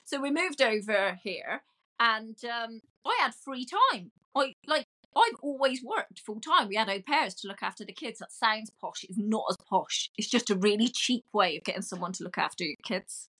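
A middle-aged woman, a podcast guest chatting in a loud, self-mocking way. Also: a little high, expressive, normal speed. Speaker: guest, cake decorator. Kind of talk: casual chat.

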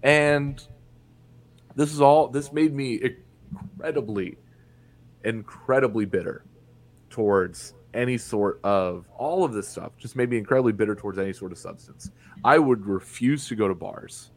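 A young man from Indiana, USA, appears on a podcast and tells a personal story in casual conversation. He speaks a touch slowly at a medium pitch. His telling is blunt and candid, with plenty of swearing.

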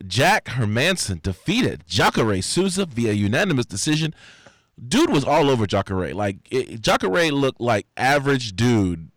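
A man's voice: medium pitch, big pitch swings, unhurried, fairly bright tone, dry recording, clean studio sound. A man with a cold co-hosting a podcast, reading fight results in jokey casual sports chat. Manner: jokey, throws in silly impressions. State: has a cold. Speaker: podcast co-host.

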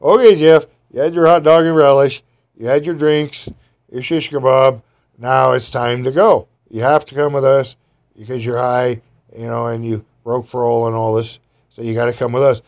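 A man's voice: medium pitch, level tone, moderate pace, lightly acted. A man voicing an older, tall sheriff who firmly but patiently tells a suspect it is time to go. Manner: firm, patient, loud.

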